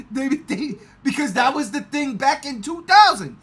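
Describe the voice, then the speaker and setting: A man chatting casually in a movie review, excitable and swearing often. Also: extremely high pitch, normal speed, few pauses. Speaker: podcast host.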